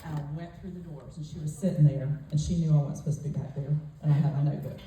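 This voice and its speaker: A woman's voice: deep voice, fairly even intonation, fast, dark tone, far from the mic, slight background noise. A woman gives a forthright, emphatic motivational talk, telling a story to a retreat audience. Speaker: motivational speaker at a sales retreat. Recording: echoey hall, voice off-mic.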